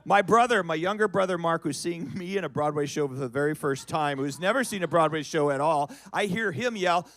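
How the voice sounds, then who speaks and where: A middle-aged man telling a comic story on a cabaret stage, animated and building to loud shouts. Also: a little high, a little fast, hardly any pauses. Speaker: guest performer.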